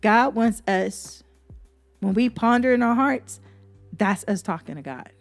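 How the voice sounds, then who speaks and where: A woman's voice: a little high, expressive, unhurried, soft background music. A woman hosting a devotional podcast, reading Bible verses and preaching in an earnest, repetitive way. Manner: earnest, preacherly, repeats herself for emphasis. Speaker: podcast host.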